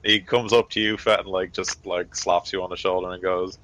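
Brief: game master, very low voice, rambling and casual in his narration. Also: level tone, brisk, pushed and bright, low-quality recording. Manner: loose, rambling narration full of fillers.

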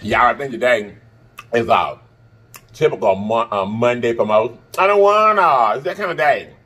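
A man's voice: mid-range voice, expressive, normal speed, fairly bright tone, breathy edge. A man vlogger talking casually to camera, chatty and repeating himself for emphasis. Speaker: mukbang vlogger.

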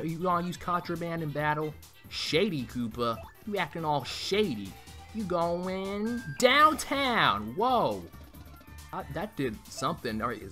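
A man gives crude, joking commentary while playing a game blind, his bright voice leaping all over the place. He swears freely and mock-taunts the enemies. Faint game music plays underneath. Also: fairly high pitch. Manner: crude, joking, trash-talking, swears a lot. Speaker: let's play gamer.

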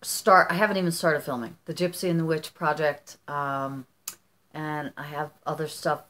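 A woman's voice: low voice, steady tone, moderate pace, a bit bright, a little hiss or hum. A middle-aged woman from the United States chatting casually on her vlog as she opens fan mail, gushing and rambling with many restarts. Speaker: vlogger.

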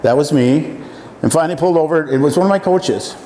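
A man in his seventies, from Iowa, telling folksy personal stories to an audience, often pausing with "uh.". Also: fairly high pitch, dark tone. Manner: folksy, halting with many fillers. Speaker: speaker. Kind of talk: storytelling talk to an audience. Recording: echoey hall, faint room noise.

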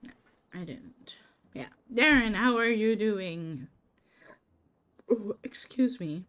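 A woman's voice: mid-range voice, lively intonation, slow, a bit bright. A woman streaming a game, chatting casually with her viewers by name and laughing often. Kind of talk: casual live-stream chat while gaming.

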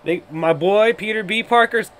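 A man hosting a podcast, reacting casually to a movie trailer. He thinks out loud, gets excitable and swears constantly. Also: sits high, normal speed. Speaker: podcast host.

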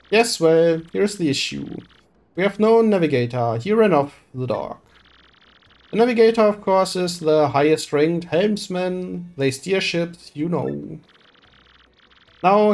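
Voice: medium pitch, a little mellow. A streamer reading game dialogue aloud and voicing a pompous, flamboyant rich merchant with grand, theatrical delivery.

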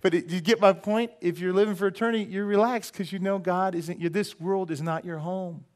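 Pastor, male, high voice, jokey animated sermon delivery in church. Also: brisk. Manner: animated, joking, rhetorical questions. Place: church sanctuary.

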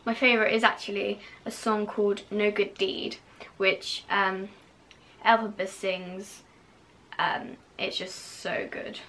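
A woman's voice: medium pitch, level tone, takes it slowly, fairly bright tone, a little hiss or hum. A young woman vlogging casually to camera, gushing and full of fillers, now and then dropping to a whisper.

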